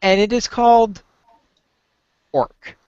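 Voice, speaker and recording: A woman's voice: medium pitch, slow pace, mellow, clear, resonant tone, no room sound, dull audio. A woman co-hosting a casual podcast, playful and a little theatrical. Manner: playful, theatrical when reading a silly poem. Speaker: podcast co-host.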